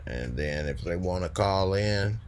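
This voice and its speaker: A man hosting a live call-in stream in a relaxed, slangy way, reading out and answering viewer comments. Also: low voice, a little slow, a little hiss or hum. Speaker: host of a live call-in show. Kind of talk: casual live-stream chat.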